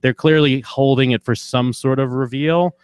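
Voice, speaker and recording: Young male podcast co-host, casual and jokey, mid-pitched, dry close mic. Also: steady tone, moderate pace, darkish tone, clear, resonant tone, no echo. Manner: loose, jokey, slips into mocking character voices. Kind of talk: casual chat.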